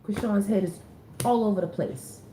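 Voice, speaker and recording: A woman's voice: medium pitch, moderate pace, mellow, a little hiss or hum. A woman reading tarot cards in a casual, chatty way, full of slang and repeated phrases for emphasis. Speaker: tarot reader. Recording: roomy echoey recording.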